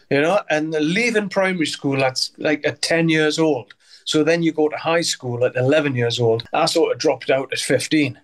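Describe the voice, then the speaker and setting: A man, his voice sitting a little higher than most men's. He rambles through his stories in an unpolished way, with plenty of fillers, and swears freely. It sounds like a relaxed, chatty interview. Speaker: interviewee, musician. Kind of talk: casual anecdotal storytelling.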